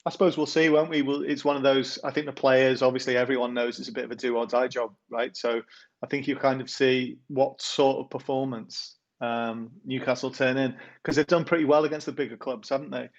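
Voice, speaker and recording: A man's voice: mid-range voice, steady tone, a little fast. Chatty man, muffled podcast audio. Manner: chatty, tag questions, hedging fillers. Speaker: podcast co-host and poet. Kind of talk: casual football chat and rhyming poem reading.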